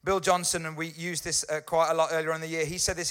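A man preaching a friendly, chatty sermon in a fairly high voice, pausing to check in with his listeners. His tone is bright and forward. He sounds middle-aged. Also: little pitch movement, clean tone. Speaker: pastor. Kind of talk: conversational sermon.

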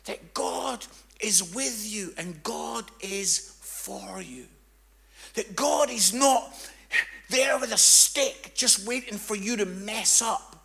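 A man preaching a sermon, telling a story and swinging from hushed tones to loud, fervent passages. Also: high voice, slow pace, creaky.

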